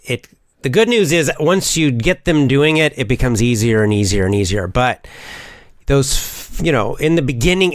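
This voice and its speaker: Middle-aged man, teacher and public speaker, animated, chatty, plenty of fillers, dry close-up sound. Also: mid-range voice, no room sound. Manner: animated, with many fillers and restarts. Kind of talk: casual spoken monologue.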